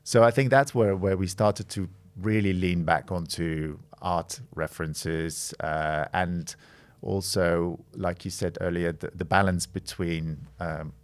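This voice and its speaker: A man's voice: low-pitched, fairly even intonation, measured pace, few pauses. A middle-aged man from the Netherlands, a design studio's creative director, speaking as a guest in a podcast interview, thoughtful and hesitant with frequent restarts.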